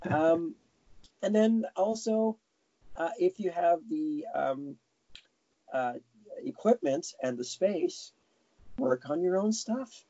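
Chatty man, mellow dry voice. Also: on the high side, animated, slow, long pauses, no echo. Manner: rambling, self-correcting, chuckling. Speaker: guest animator. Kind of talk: casual interview. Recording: dull lo-fi sound.

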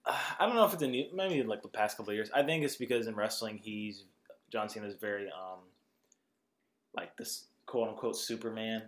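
A man's voice: fairly low pitch, brisk, reverberant. A man co-hosting a podcast, chatting casually about a movie, filling his talk with "like" and laughing often. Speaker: podcast co-host. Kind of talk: casual movie review chat.

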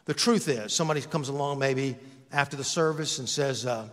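A man's voice: medium pitch, brisk, a bit bright, long reverb tail. A man preaching a sermon as pastor, in a conversational, joking way with self-mocking asides, recorded in a church sanctuary.

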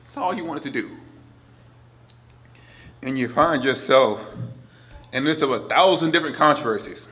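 A priest in his forties preaching a sermon, earnest, moving between emphatic lines and hushed ones. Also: medium pitch, animated, normal speed, pauses often.

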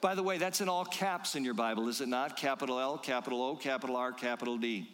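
A man preaching a sermon, emphatic and rhythmic, slowing down to quote scripture. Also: mid-range voice, fairly bright tone, big-room sound. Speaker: pastor.

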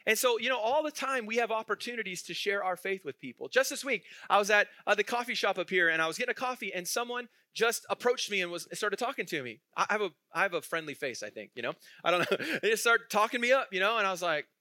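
A man's voice: high-pitched, animated, fast, few pauses, bright, forceful tone, no echo, studio quality. A male pastor preaching a sermon in a conversational way, asking the congregation questions and chuckling through his stories.

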